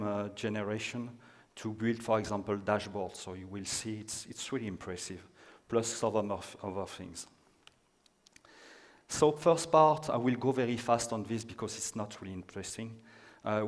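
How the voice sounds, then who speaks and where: A man from France speaks with a French accent as he gives a conference talk. He hesitates often and fills the gaps with filler sounds. His voice sits at a middle pitch and rings with a long reverb. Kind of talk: conference presentation. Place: conference room.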